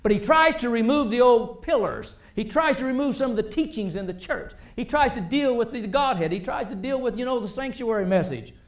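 A male preacher delivering a sermon in a high-pitched voice. He talks in an animated way, pressing points hard and then dropping to quiet asides. The sound rings around an echoey church sanctuary. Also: brisk, few pauses. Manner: animated, rising and dropping between loud emphasis and quiet asides.

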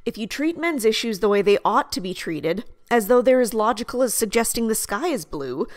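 A woman hosting her own video essay, reading a measured, articulate scripted commentary. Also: a little high, expressive, dry recording, clean studio sound.

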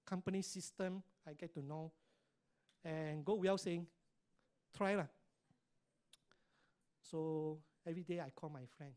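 A man's voice: fairly high pitch, steady tone, unhurried, long pauses, a little mellow. A middle-aged man with a Singaporean English accent gives a motivational talk at a business meeting, pressing the audience with constant checks for agreement. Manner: emphatic, keeps asking the audience "right?" and "correct or not?".

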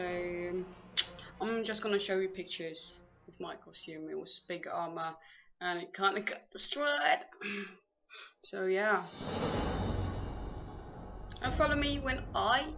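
Slow rambly woman, english not her first language, cosplay makeup vlog chat, music going under it. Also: medium pitch, pushed and bright. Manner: rambling, halting, playful. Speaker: cosplay vlogger. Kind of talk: casual makeup tutorial chat. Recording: music playing over the voice.

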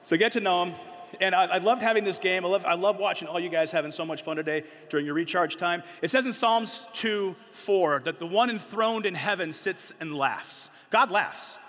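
A middle-aged man giving an animated, joking, conversational talk to a youth audience at a large conference. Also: high voice, normal speed. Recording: long hall reverb.

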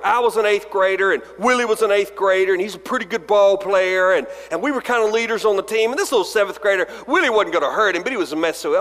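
A man's voice: sits high, fairly bright tone. A man, a pastor telling funny self-deprecating stories in a chapel sermon. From Alabama. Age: 40s. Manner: storytelling, self-deprecating jokes, acts out dialogue. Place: large chapel. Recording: long reverb of a chapel hall.

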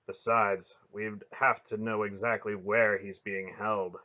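A man reading an audiobook, voicing an older male sorcerer who speaks in a measured, cautious way. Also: lowish voice, flat delivery, sharp tone, lo-fi sound.

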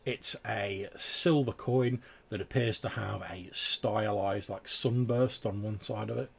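A man runs a tabletop game, narrating in rambling, filler-heavy descriptions. His voice sits on the low side, gravelly with a husky, slightly raspy grain. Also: slow. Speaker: game master.

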